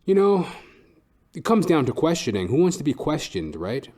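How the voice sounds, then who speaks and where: A man's voice: a little high, sing-song, moderate pace, warm tone. A man hosting a podcast, telling a comic story in a profane, ranting way with frequent "right?". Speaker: podcast host.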